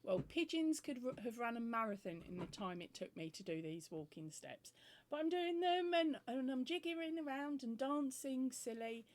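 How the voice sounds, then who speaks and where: A woman's voice: a little high, expressive, moderate pace, few pauses. A woman vlogging about crochet, telling a funny home story in a chatty, giggly way and acting out both sides of the conversations.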